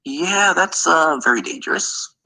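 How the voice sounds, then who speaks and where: Bright-voiced man choosing words carefully. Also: a little high, animated, a little slow, gravelly, rough recording. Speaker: stream guest.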